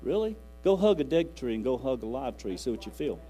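A man's voice: medium pitch, lively intonation, fast talker, dark tone, rough recording. A man preaching a sermon in a folksy, rambling way, quoting scripture aloud. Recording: faint music and mains hum.

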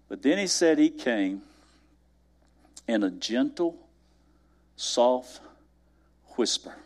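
A man's voice: mid-range voice, darkish tone. Male preacher, conversational sermon delivery, wide dynamic swings down to near-whispers. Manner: conversational, addresses the congregation directly. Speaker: pastor.

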